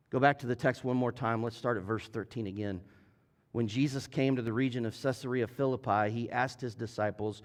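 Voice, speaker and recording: Male pastor, slightly higher voice, earnest sermon delivery, talks straight to the room. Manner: earnest, direct appeals to the congregation. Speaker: lead pastor. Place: church sanctuary.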